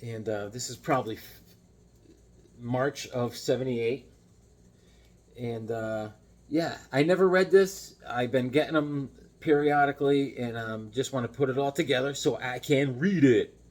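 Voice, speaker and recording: A middle-aged man vlogging about comic books in a casual, rambling way, full of restarts and animated retellings. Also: medium pitch, a little slow. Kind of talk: casual chat.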